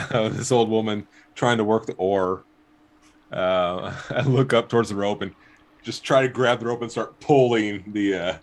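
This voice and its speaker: A man's voice: lowish voice, moderate pace. A man playing a tabletop game, chuckling and hesitant as he describes his moves. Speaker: player.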